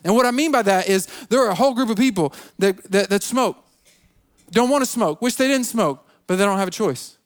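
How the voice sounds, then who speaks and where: A man's voice: high-pitched, lively intonation, a little fast. A man preaching a sermon as a pastor, repeating himself and restarting his phrases, acting out people's excuses. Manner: repetitive, stammering restarts, acts out quoted excuses.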